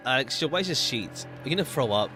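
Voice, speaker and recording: Male streamer, reads game lines aloud, expressive, mid pitch. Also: a little fast, over music. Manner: animated, switching between characters. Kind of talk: reading game dialogue aloud.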